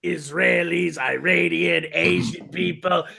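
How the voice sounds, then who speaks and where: A man joking crudely and mockingly on a live stream, loud and full of swearing. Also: a little high, steady tone, takes it slowly, creaky. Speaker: stream panelist.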